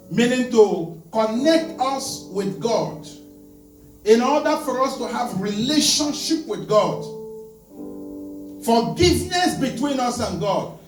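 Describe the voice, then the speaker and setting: A male pastor preaching a sermon, asking the congregation to answer him and acting out his points with helpers. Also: very high voice. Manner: emphatic call-and-response preaching, demonstrating with helpers. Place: church. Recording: echoey church hall from far off, with music. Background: guitar music.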